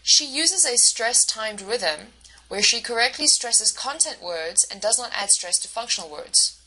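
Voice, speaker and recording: Bright-voiced woman lecturing, halting. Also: on the high side, lively intonation, low-quality recording. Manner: hesitant, many ums and uhs; explains step by step. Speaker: instructor. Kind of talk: recorded lecture walkthrough.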